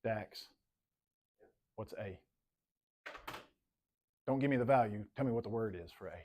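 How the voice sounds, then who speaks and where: A man's voice: fairly low pitch, unhurried, a little mellow. A man teaching a math class in a classroom, talking casually, calling on students by name and repeating himself. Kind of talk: classroom lecture.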